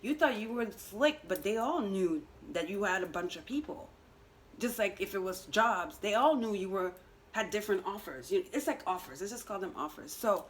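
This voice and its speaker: A woman in a relaxed tarot reading video talks right at her audience, teasing and scolding them lightly. Her voice sits at a middle pitch, and she leans on easy fillers and quick laughs as she goes. It sounds like an informal reading, not a script. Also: a little hiss or hum, rough recording. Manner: chatty, teasing, full of "you know" fillers, laughs at herself. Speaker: tarot and astrology reader. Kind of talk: casual direct-to-camera energy reading.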